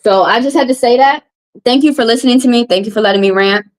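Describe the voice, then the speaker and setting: Hosting her live stream, a Southern American woman who reads tarot vents at her chat in a heated rant. Her voice is slightly high and her pace quick, and she's upset and combative, circling back over the same points.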